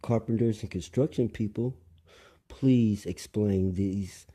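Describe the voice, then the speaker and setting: Slow, dark-voiced man lecturing. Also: lowish voice, breathy edge. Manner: lecturing, repeats phrases and questions the listener. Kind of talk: rambling monologue.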